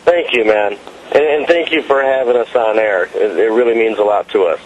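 A man's voice: on the low side, a little fast, lo-fi sound, slight background noise. A man, a band member guest on a radio show, chatting in a friendly, upbeat way. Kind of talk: casual interview chat.

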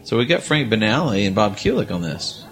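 Low-voiced man musing over a song. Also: sing-song, fairly quick, soft background music. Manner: musing, chatty, jokey. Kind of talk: casual chat.

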